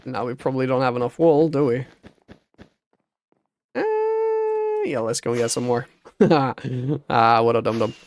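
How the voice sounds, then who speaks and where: A man's voice: medium pitch, huge pitch swings, measured pace, long pauses, a little mellow. A man streaming a building game, talking to himself and humming little sound effects as he works. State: hiccuping. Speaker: Minecraft streamer. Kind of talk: casual gameplay commentary.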